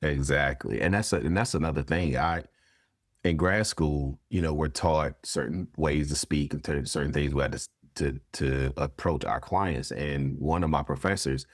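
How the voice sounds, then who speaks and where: A man's voice: very deep voice, moderate pace, no room sound, studio quality. A man, a therapist and podcast guest, talking frankly in casual conversation, swearing freely and acting out quoted people.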